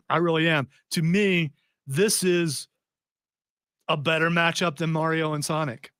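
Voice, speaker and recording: Male radio host, slightly high voice, rambling casual chat, dry studio mic. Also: steady tone, a little slow, fairly bright tone, smooth, dry recording. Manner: rambling, many restarts and fillers.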